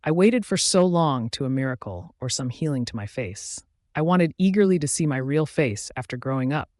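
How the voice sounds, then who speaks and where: A man narrating a first-person romance audiobook with an even, steady reading. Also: medium pitch, normal speed, dry recording, studio quality.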